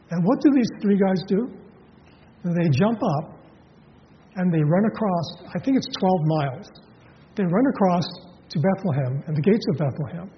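A man's voice: sits high, lively intonation, measured pace, long pauses, a little hiss or hum. A man preaching a sermon in a conversational way, asking his listeners questions and often restarting with fillers. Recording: dull audio in a reverberant hall.

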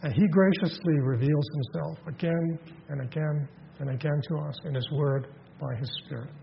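A man's voice: fairly high pitch, vocal fry. Man preaching in a long reverberant hall. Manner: animated retelling with quick voiced asides and many restarts. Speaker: pastor. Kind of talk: sermon. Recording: dull lo-fi sound with long hall reverb and faint noise.

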